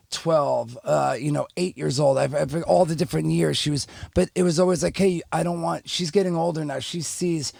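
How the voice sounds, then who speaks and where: A man's voice: on the high side, vocal fry, a little mellow, no room sound, studio quality. A middle-aged man, telling a story candidly and rambling as a podcast guest, full of fillers and restarts. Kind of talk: casual storytelling.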